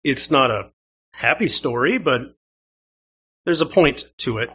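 A Canadian man delivering a sermon in a church, talking with his listeners more than at them. His voice has a bright, forward edge, sitting at an ordinary pitch for a man. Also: lively intonation, unhurried, slightly rough. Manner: conversational preaching, asks the congregation questions. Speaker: pastor.

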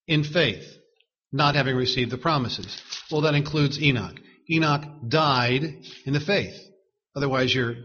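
A man with a slightly husky voice of medium pitch, preaching a sermon. He speaks in a measured, emphatic way and repeats key words for stress. The recording sounds a little dull and lo-fi. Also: a bit bright.

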